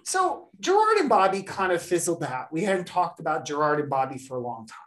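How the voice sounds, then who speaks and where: This podcast host has a lowish voice and a brisk delivery. In a relaxed conversation she tells a lengthy story with animation, voicing each person she quotes.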